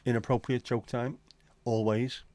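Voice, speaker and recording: A man's voice: medium pitch, flat delivery, a little slow, a little mellow. A man hosting a casual livestream chat, reading out viewer comments in a bantering, crude, sweary way. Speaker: livestream host.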